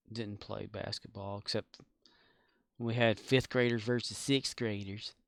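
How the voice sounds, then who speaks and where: A man's voice: fairly low pitch, fairly even intonation, slow pace, creaky, dry recording. A man streaming a game, chatting casually with rambling, self-mocking jokes. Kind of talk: casual live-stream chat while gaming.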